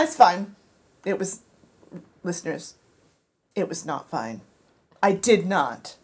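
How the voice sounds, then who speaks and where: Woman, co-host, casual chat, husky voice, lively pitch. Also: takes it slowly, long pauses. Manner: animated storyteller, laughs often. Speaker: radio show co-host.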